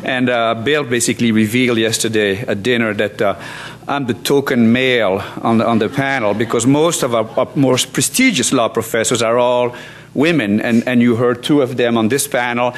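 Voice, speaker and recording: A man's voice: mid-range voice, steady tone, moderate pace, a little hiss or hum. A law professor in his sixties, from France, giving a conference talk with many restarts, fillers and wry asides. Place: conference hall.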